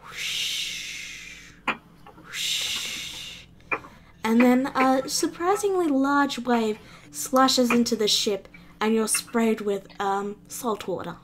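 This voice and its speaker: A woman's voice: on the high side, slow pace, background noise. A woman narrating as dungeon master in an online tabletop role-playing game, in a laid-back, descriptive way.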